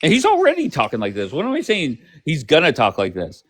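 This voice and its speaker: A man's voice: a little high, huge pitch swings, brisk, hardly any pauses, a bit bright. A man hosting a live stream who presses his caller with pointed questions and keeps interrupting. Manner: pressing, interrupting, asks for yes or no. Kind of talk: casual political debate.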